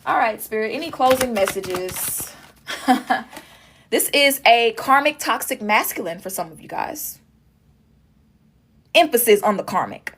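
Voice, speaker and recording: A woman's voice: a little high, expressive, a little slow, pauses often, fairly bright tone, slight background noise. A woman doing a casual tarot reading, talking straight to her viewers with emphatic repetition. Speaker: tarot reader.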